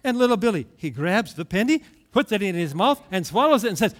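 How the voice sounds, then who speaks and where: A middle-aged male pastor preaching a sermon, telling stories with lively acted-out voices. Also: high-pitched, brisk. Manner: animated storytelling, acting out voices.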